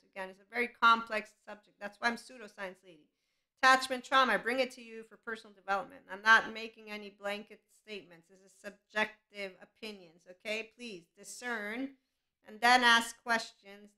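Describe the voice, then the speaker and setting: A podcast host with a slightly high, bright, forceful voice talks casually on her own to listeners. Her chatty, rambling solo talk keeps breaking into laughter.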